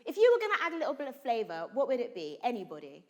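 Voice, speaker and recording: A woman's voice: fairly high pitch, very fast. A woman actor leading a drama workshop, coaching students and calling out questions to a room full of people. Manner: animated, calls out to the room, asks questions. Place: large room with a live audience.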